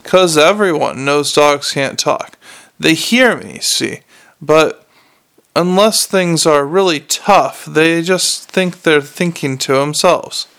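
A man voicing a scruffy, cynical talking mongrel dog with a bored, streetwise grumble and a gravelly voice. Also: on the high side, takes it slowly, a bit bright, full character voice. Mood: grumbling.

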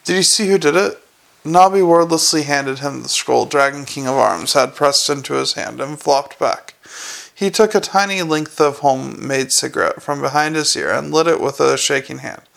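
A man narrating a story in an audiobook reading, measured and even. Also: medium pitch, vocal fry.

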